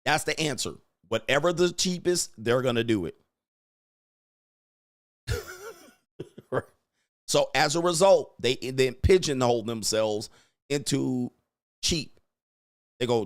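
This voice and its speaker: A man's voice: medium pitch, moderate pace, clear, resonant tone, dry recording, clean studio sound. A man in his forties hosting a casual commentary monologue, riffing in crude slang and laughing often. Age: 40s. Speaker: host.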